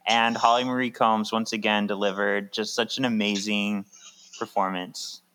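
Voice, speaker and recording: Co-host voice, mid-pitched, recaps scenes plainly and adds firm, stubborn opinions. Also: flat delivery, normal speed, a bit bright, smooth. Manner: reads out scene summaries, then reacts with firm opinions. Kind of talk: casual chat recapping a TV episode.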